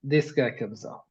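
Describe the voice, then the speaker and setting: A man running a tabletop game as game master, narrating haltingly with many restarts. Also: mid-range voice, vocal fry, darkish tone, highs cut off.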